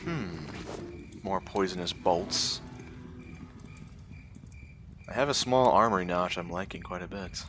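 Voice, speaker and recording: A man's voice: sits low, slow pace, pauses often, background noise. A man giving casual, muttered commentary while playing a game. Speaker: gameplay commentator. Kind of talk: casual let's-play commentary.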